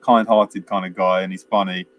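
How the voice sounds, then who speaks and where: A man's voice: low voice, flat delivery, moderate pace, lo-fi sound. A man co-hosting a film chat, casually retelling a plot in a rambling way with lots of fillers and chuckles. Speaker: film podcast co-host.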